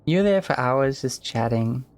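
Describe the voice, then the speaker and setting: A man narrating as game master of a tabletop role-play stream, relaxed and rambling. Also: medium pitch, unhurried. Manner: relaxed, rambling with many fillers. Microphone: home mic on a live stream.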